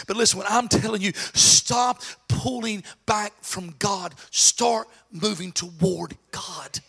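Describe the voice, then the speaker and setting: High-voiced male pastor, bright raspy tone, shouts his sermon with jokey asides. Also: slow pace, few pauses.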